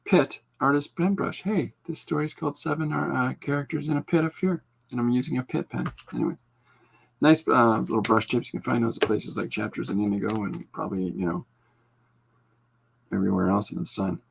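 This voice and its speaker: A man's voice: mid-range voice, steady tone, brisk, creaky, slight background noise. A man hosting a podcast, chatting casually while he draws, rambling with dry, self-deprecating humor. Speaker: podcast host and comic artist.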